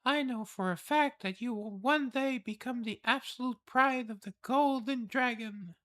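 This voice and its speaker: A woman's voice: on the high side, measured pace, fairly bright tone, voice pushed up. Man putting on a lofty woman palace lord. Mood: solemn. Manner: solemn, grand declarations. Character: commanding female palace lord, stately and proud.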